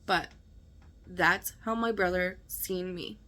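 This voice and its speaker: Slow, emphatic woman telling a story. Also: lowish voice, pushed and bright. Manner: emphatic, conversational, checks in with "okay?" and "right?". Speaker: vlogger. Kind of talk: personal storytelling to camera.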